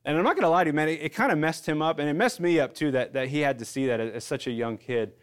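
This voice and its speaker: A man in his thirties preaching a sermon, earnest and conversational, rising in bursts and dropping to a hush for emphasis. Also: fairly high pitch, fast talker, clean tone. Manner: earnest, conversational preaching with surges and hushed drops. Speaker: pastor.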